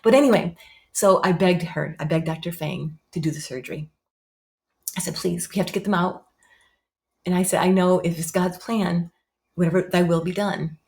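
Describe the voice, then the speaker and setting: A woman in her fifties, a podcast guest, telling a personal story in an animated way, repeating phrases for emphasis and acting out other people's lines. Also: fairly low pitch, normal speed, creaky. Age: 50s.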